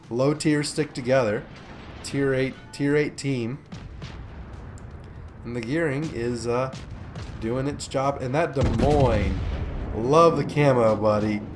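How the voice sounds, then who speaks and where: A man commentates a naval battle replay in a loose, joking way, filling gaps with "uh" and "um." He sounds a little sleepy, and his pitch sits in the middle range. Quiet music plays faintly under his voice. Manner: joking, chatty, many fillers. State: sleepy, yawning. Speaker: gameplay commentator. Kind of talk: casual game commentary over a replay.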